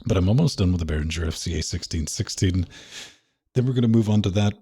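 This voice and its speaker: Male co-host with a deep, raspy voice; casual and jokey. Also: animated, quick pace, mellow. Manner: joking, self-deprecating, puts on mock voices. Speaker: podcast co-host. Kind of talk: casual tech chat. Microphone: studio mic.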